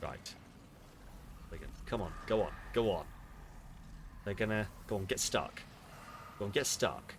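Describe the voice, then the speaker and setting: A man's voice: fairly low pitch, lively intonation, a little slow, long pauses, slight background noise. A British man streaming a game, muttering to himself, swearing and sounding exasperated. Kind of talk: casual gaming commentary.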